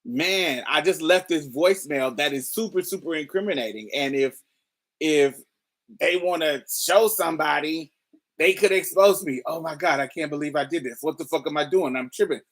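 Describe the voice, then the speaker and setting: A woman voicing a panicking teenage boy in her story, rambling frantically and a bit lower than her own voice. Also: normal speed. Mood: panicked.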